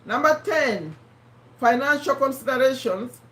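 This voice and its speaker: A woman's voice: high voice, expressive, unhurried, a bit bright. A woman from Uganda with a strained, failing voice, hosting a casual live stream and chatting with viewers by name. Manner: chatty, addresses viewers by name, repeats points. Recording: roomy and distant from the mic.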